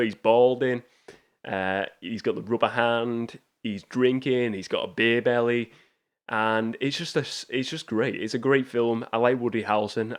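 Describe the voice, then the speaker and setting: A man hosts a casual movie review show, with a middle-pitched voice. He talks with eager enthusiasm, restarting sentences and wandering into asides as he goes. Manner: enthusiastic, rambling, frequent restarts. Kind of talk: casual film review commentary.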